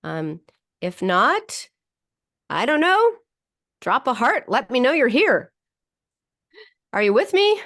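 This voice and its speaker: A psychologist hosts a radio talk show, chatting with a livestream audience in a loose, animated style full of restarts and fillers. She speaks slowly with frequent pauses, and her pitch leaps up when she acts out people's inner thoughts.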